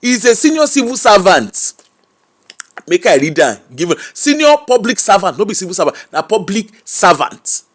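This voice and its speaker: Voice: mid-range voice, big pitch swings, moderate pace. A host with a Nigerian accent giving chatty, mocking live commentary on the news, repeating phrases for emphasis. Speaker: host of an online gossip and news show. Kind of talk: live-streamed commentary reading viewers' comments.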